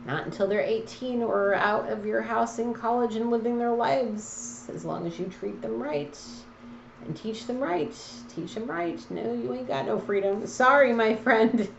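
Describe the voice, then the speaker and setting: In an echoey room, a tarot card reader gives a casual reading, speaking directly to the listener in a fairly high, gravelly female voice at a measured pace. She comes across as blunt and preachy, with a teasing streak. The recording is slightly dull and a little muffled, with a faint hiss or hum.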